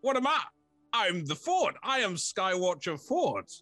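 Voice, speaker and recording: A shy, lonely fort speaks in a genteel, stammering way, high and lilting, as a man puts it on in a tabletop game. The voice rises and falls a lot. The sound is dry and close, with faint music behind. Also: sing-song, measured pace, sharp tone, no echo, full character voice. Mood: eager. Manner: genteel, old-fashioned, stammering. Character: lonely, shy talking fort, polite and fussy.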